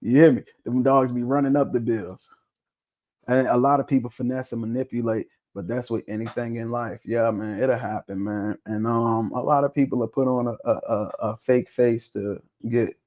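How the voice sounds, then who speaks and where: Man, podcast host, blunt, swears a lot, animated, preachy. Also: medium pitch, normal speed. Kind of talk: casual talk show discussion.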